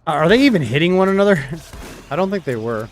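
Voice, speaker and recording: This young streamer's voice sits on the high side, animated and a little quick. He chats casually through his shooter gameplay, often trailing off into muttered asides.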